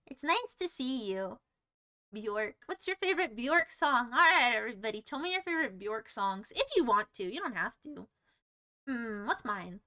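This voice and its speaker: A young woman talks to her live-stream viewers in a high, bright voice. She rambles playfully from one silly topic to the next and pokes fun at herself as she goes. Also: big pitch swings, moderate pace. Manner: silly, rambling, self-mocking, jumps between topics. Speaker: livestreamer.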